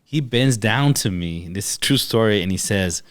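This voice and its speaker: Animated man telling stories on a podcast. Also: lowish voice, normal speed, clear, resonant tone. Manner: animated storyteller, acts out dialogue. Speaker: podcast guest, chiropractor. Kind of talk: casual storytelling.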